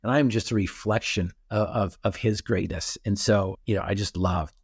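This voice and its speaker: A middle-aged man with a lowish voice tells stories as a podcast guest, jumping into his own reactions as he goes. His voice is close and dry, with no room sound around it. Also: normal speed, slightly rough, no room sound. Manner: animated storyteller, acts out his own reactions. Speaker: guest speaker. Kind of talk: storytelling in a podcast interview.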